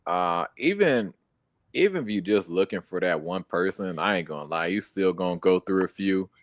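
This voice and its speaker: A man's voice: low-pitched, animated, moderate pace, no echo, clean studio sound. A young American man co-hosting a casual streamed chat, laid-back and slangy, laughing often. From United States. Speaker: co-host.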